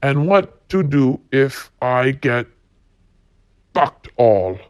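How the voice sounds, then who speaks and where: A man's voice: medium pitch, very animated, very slow, smooth, no room sound. Blunt profane man ranting, dry sound. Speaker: podcast host. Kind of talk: solo rant reading quotes.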